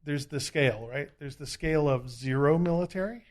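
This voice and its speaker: A man's voice: a little high, fairly quick. A man who is a military veteran, talking earnestly as a podcast guest, with many fillers. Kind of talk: casual political discussion.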